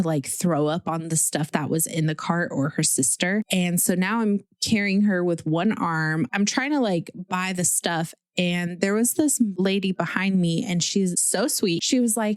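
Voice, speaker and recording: A woman in her thirties tells a story on her podcast in a chatty, animated way, dropping "like" often. Her voice sits on the low side and sounds smooth and clear. The recording is dry and close. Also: dry recording. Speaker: podcast host. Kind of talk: casual personal storytelling.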